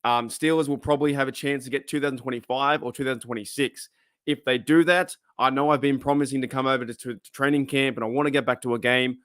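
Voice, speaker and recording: An Australian man hosts a casual livestream, chatty and quick to laugh as he reads viewer comments aloud. His voice is medium-pitched with a fairly bright tone, in a dry, clean studio recording.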